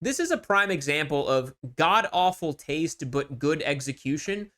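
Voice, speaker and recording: A man hosting a motorcycle channel, giving casual, sarcastic and animated commentary as he mocks online sale listings. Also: on the high side, unhurried.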